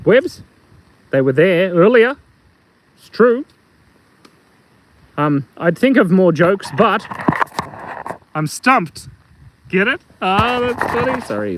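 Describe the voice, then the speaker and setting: Middle-aged Australian host, high animated voice, joking casually on a live phone stream outdoors. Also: male voice, takes it slowly, long pauses, background noise. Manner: playful, rambling, tells jokes and reads chat aloud. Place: outdoors in the bush.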